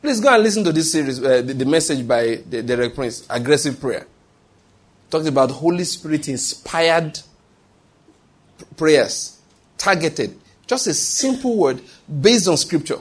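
Husky and on the high side, this male preacher's voice is animated but measured in pace. Throughout his sermon he speaks with emphasis, often putting a question to the congregation and answering it himself.

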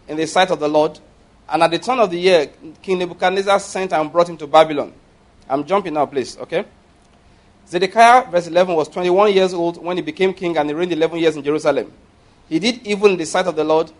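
A man preaching a sermon, emphatic and questioning, reading scripture aloud slowly and forcefully. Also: fairly high pitch. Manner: emphatic, rising and falling with stress, asks the congregation questions.

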